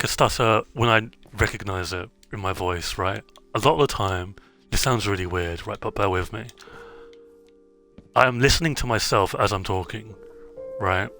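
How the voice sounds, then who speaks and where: A man's voice: lowish voice, sharp tone. A man streaming a game, chatting casually in a rambling way, with many fillers and self-interruptions. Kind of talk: casual gameplay chat.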